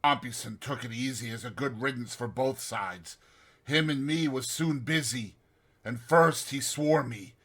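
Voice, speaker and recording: A man voicing a rough old male convict who tells his past in rough, ungrammatical old-fashioned speech, read as an audiobook. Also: mid-range voice, a bit bright. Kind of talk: audiobook reading.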